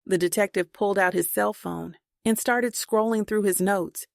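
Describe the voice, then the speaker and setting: A woman narrating a suspense thriller audiobook in a steady, measured reading. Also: mid-range voice, gravelly, no echo, clean studio sound.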